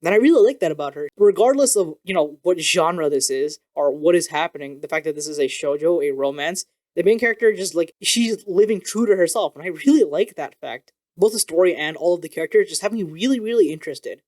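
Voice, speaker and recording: Casual male vlogger: rapid-fire, excitable, a touch higher than most men, curses casually. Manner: animated and excitable, swears casually. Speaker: video creator reviewing manga. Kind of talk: casual vlog review.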